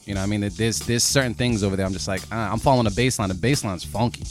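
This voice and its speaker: A man co-hosting a podcast, giving frank, relaxed feedback on beats with plenty of fillers. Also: fairly low pitch, very fast, faint music behind. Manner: laid-back, frank critique with fillers. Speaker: podcast co-host reviewing beats. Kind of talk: casual chat.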